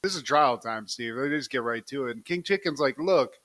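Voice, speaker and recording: A man's voice: mid-range voice, lively intonation, brisk, fairly bright tone. A man co-hosting a podcast, recapping a cartoon episode in a casual, profane, joking way and keeping his co-host in the conversation.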